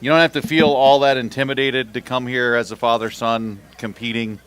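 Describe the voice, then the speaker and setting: A man's voice: mid-range voice, flat delivery, fairly quick, a bit bright, clean tone. A man emceeing a fishing tournament weigh-in, reading out weights and teasing the anglers in a joking, upbeat way. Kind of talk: live announcing and bantering with anglers.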